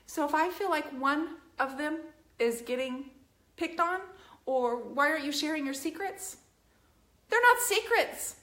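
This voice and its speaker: A woman's voice: high voice, moderate pace, a bit bright. A woman hosting a live painting stream, talking earnestly and emphatically straight to her viewers. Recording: roomy echo.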